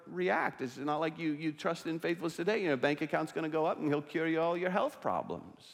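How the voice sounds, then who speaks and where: A pastor delivers a sermon with emphatic, rising stresses and sudden low, quiet asides. His man's voice sits somewhat high for a man. The sound carries a long reverb from the church sanctuary. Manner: emphatic preaching, dropping low to act out quoted figures.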